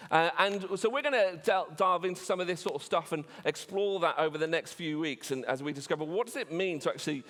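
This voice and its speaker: Male preacher, fairly high voice, chatty storytelling sermon, full of ums and restarts, long church reverb. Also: fast, few pauses, fairly bright tone.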